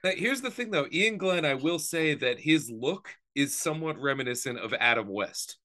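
A man co-hosting a podcast in casual chat, easygoing and agreeable, throwing in quick jokes. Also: fairly high pitch, lively intonation, bright, forceful tone. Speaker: podcast co-host.

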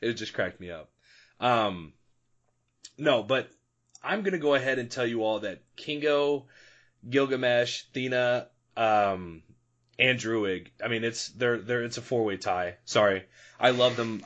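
A man's voice: medium pitch, measured pace, a bit bright, dull audio. A man co-hosting a podcast, chatting casually and animatedly about a film, laughing often. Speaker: podcast co-host. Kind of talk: casual movie review chat.

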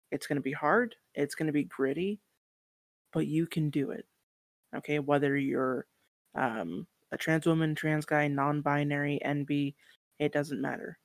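A woman's voice: deep voice, no echo. A woman speaking as a guest on a podcast interview, earnest and encouraging, with some casual swearing.

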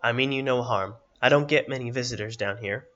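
A man voicing a blind, coughing old hermit with a raspy, muttering voice. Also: medium pitch, a little fast, a bit bright, lo-fi sound, close to an everyday voice. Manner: muttering, wheezy.

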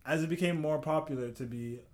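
A man's voice: on the high side, fairly quick, a little mellow. Man, podcast co-host, casual chat, storytelling, acts out quotes.

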